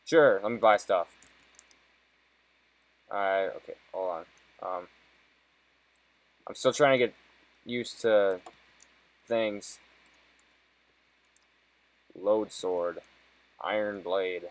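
Over a rough recording, a young man drags out his words in a lowish voice and pauses at length while gaming. He's a let's-play commentator who swears nonstop, mixing frustration with humor in a casual style.

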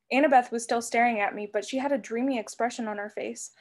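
A woman reading a novel aloud in an expressive storybook manner. Her voice sits on the higher side. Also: quick pace, hardly any pauses. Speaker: reader.

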